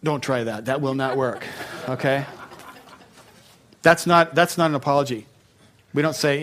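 A man's voice: mid-range voice, steady tone, unhurried, pauses often, a bit bright, slight background noise. A male pastor preaching a sermon in a conversational way, with joking asides.

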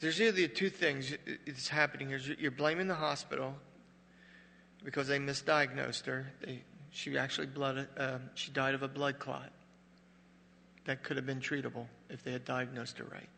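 An older male pastor delivers a heartfelt sermon. His voice is bright and gravelly with a slightly raised pitch. It carries through a long church reverb, moving from forceful emphasis to quiet confession. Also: level tone, moderate pace, slight background noise. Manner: emotional, rising to loud emphatic peaks, dropping low and quiet in grief. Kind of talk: sermon with personal story. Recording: reverberant hall.

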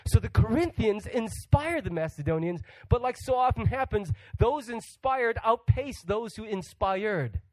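Higher-voiced joking male preacher. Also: lively intonation, unhurried, few pauses, a little mellow, no echo, poor audio. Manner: humorous, acts out quoted voices; asks the audience questions. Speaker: guest pastor. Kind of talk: sermon.

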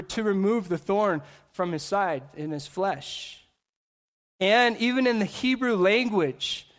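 Delivering a sermon to his seated congregation, this high-voiced male pastor stays animated throughout, performing the voices of people he quotes and darting into brief asides.

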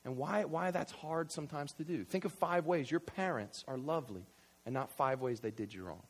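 A man preaches a sermon, his voice sitting high and swinging widely in pitch. He slips into quick acted-out bits of everyday chatter and climbs at times into near shouts. He keeps checking in with the room with "right?". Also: breathy edge. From New York. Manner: animated, acts out everyday banter, rising to shouts; repeats "right?" often. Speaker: pastor.

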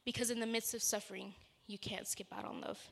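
A woman's voice: medium pitch, fairly even intonation, fast, creaky, a bit bright. A woman preacher giving a sermon, telling a personal story in an earnest, conversational way before moving into scripture.

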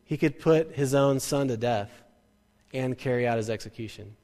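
A man preaching a sermon as a pastor, animated and joking, now and then acting out quoted parents and kids. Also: medium pitch, moderate pace. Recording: reverberant hall.

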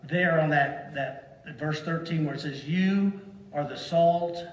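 A man preaching a sermon to a congregation, slow and deliberate, leaning hard on single words to stress them. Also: fairly high pitch. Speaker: pastor. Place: church sanctuary. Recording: echoey hall from far off.

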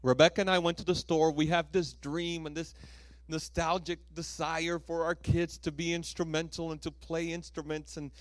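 A male pastor preaching a sermon with lively storytelling, acting out voices and laughing at himself. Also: fairly high pitch, normal speed, no echo.

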